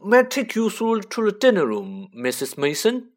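Spoiled chubby boy, high and smug, done by a male reader. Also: wildly swooping pitch, normal speed.

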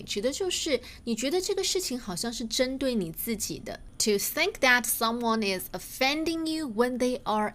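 A woman teaching English through sitcom clips, explaining clearly and reading English examples slowly. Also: fairly high pitch, a bit bright.

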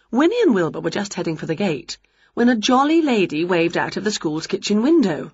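A woman reads a children's storybook aloud with a lively, swooping delivery. Her voice is slightly breathy and close, in a dry, dull lo-fi recording. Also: lowish voice, normal speed, dry recording. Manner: expressive, animated storytelling. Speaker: storybook reader. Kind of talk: storybook read-aloud narration.

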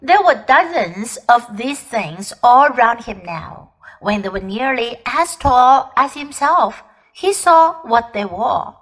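A woman teacher, a native Chinese speaker, reading a storybook aloud in English slowly and expressively. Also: a little high, rough recording. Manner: slow, careful, expressive reading. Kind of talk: storybook read-aloud narration.

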